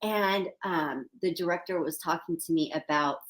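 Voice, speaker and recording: A woman's voice: on the low side, moderate pace. A middle-aged woman talking candidly as a podcast guest, chatty and laughing often. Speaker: guest actress. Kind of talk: casual podcast chat.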